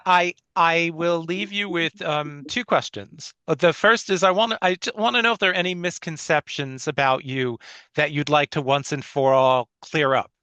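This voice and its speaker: Male interviewer, bright and crisp, dry close sound, eager and full of praise. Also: fairly high pitch, normal speed, dry recording, highs cut off. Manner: enthusiastic and complimentary. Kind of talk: interview questions.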